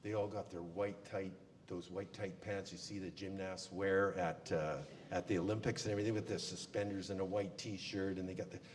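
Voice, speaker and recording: A man's voice: deep voice, steady tone, moderate pace, few pauses. A man giving a funeral eulogy, telling folksy stories with plenty of fillers. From Canada. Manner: folksy storyteller with many fillers. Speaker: eulogy speaker. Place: funeral service hall. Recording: long hall reverb, faint room noise.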